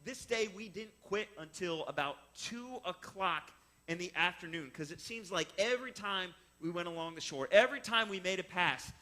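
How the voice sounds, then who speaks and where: A man's voice: high voice, normal speed. A man telling a personal fishing story, explaining step by step and acting out the voices of the people in it. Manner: animated, acts out voices in his story. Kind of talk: personal story told to listeners.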